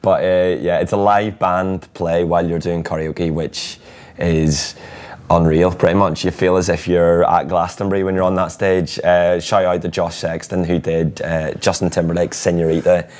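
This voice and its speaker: A hoarse man losing his voice, chatting about football in a bar, rambling and laughing. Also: sits low, little pitch movement, moderate pace, darkish tone. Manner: rambling, laughing, restarts often. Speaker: co-host. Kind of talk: casual football chat.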